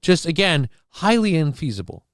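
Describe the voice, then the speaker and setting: A man's voice: a little high, big pitch swings, moderate pace, no room sound, studio quality. A man co-hosting a casual live show, reading out chat comments and riffing on them in a jokey, rambling way. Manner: jokey, riffs loudly on viewer comments, rambling. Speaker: livestream co-host.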